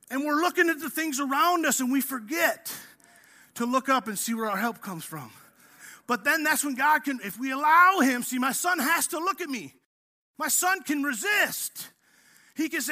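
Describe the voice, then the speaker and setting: Bright, high-voiced animated male pastor. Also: normal speed. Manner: animated, acts out quotes with rising pitch and shouts. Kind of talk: sermon.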